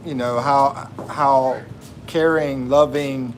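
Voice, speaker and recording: Slow-talking American man on a livestream. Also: medium pitch, steady tone, a little hiss or hum. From United States. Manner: slow, laughing, chatty, drawn-out. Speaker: livestream host. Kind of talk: casual livestream chat reading comments. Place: living in the Philippines.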